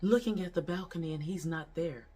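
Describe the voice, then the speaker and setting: An actor playing a husky, shaken soul haunted by a fall. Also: mid-range voice, dark tone, close to an everyday voice. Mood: shaken, numb. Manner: halting, breaks off mid-sentence, heavy sighs. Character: distraught person haunted by a partner's fatal leap. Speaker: actor performing a monologue. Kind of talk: dramatic monologue rehearsal.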